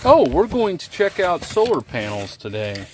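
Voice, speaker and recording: A man's voice: high-pitched, normal speed. A man chatting casually and joking easily while unboxing items with his partner. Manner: joking, easygoing banter. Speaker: online reseller and co-host. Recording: steady background noise.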